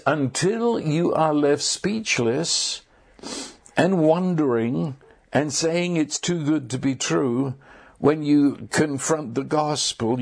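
A man preaching a sermon, halting and repeating words, with sudden bursts of excited emphasis. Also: mid-range voice, gravelly.

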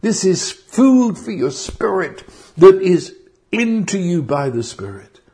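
A man preaching a sermon, slow and earnest, often repeating words as he restarts, rising to fervent outbursts. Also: sits high, big pitch swings, dark tone.

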